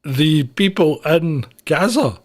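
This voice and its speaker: An easygoing man co-hosting a casual news chat, with a slightly high voice. He laughs often and keeps things light. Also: lively intonation, takes it slowly, darkish tone. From Scotland. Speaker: co-host.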